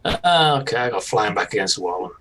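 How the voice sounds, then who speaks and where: A man's voice: fairly low pitch, expressive, fairly quick, crowd noise. A man playing a tabletop game, playful and prone to exclaiming. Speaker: player.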